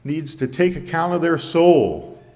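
A man preaching a sermon in a measured way, quoting scripture in old English. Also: fairly high pitch, expressive, a little mellow, big-room sound.

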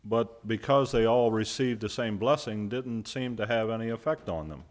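This man's voice is lowish and his pace normal. During his sermon he asks his listeners questions, answers them himself, and underlines important words by saying them again.

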